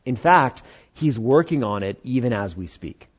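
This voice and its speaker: A man's voice: medium pitch, lively intonation, moderate pace, slightly rough, muffled recording. A man preaching a conversational sermon, acting out Bible dialogue in changing voices. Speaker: pastor.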